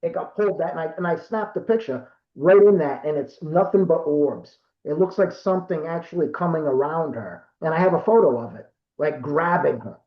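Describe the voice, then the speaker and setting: A man in his fifties from Rhode Island spins a casual, meandering story as a guest, full of fillers and restarts. His voice sits a little high for a man. It comes through a video call with a roomy echo and dull, lo-fi sound. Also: normal speed, few pauses. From Rhode Island, USA. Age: 50s. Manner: rambling, self-correcting, lots of fillers.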